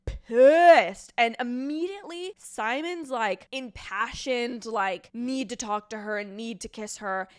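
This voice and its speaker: A woman casually recapping a TV episode in a chatty, animated way, full of "like" and pet names. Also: on the high side, unhurried, few pauses, clean tone. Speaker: recap vlogger.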